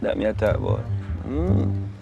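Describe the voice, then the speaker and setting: An actor with a Jamaican accent playing an easygoing, affectionate boyfriend who speaks in relaxed patois. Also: male voice, fairly low pitch, normal speed, lo-fi sound, over music. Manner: relaxed patois, calls her babe. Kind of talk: web series acting.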